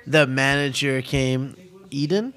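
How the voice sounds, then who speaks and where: A man's voice: medium pitch, slow, fairly bright tone. A man in casual chat, telling kitchen stories with slang and frequent laughter. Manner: laughing, hyped storytelling, slang.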